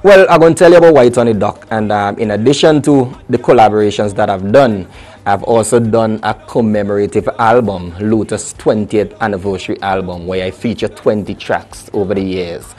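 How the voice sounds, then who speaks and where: A young adult man, a soca artist chatting lively and casually in an interview. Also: lowish voice, moderate pace. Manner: lively, chatty, full of restarts and local phrasing.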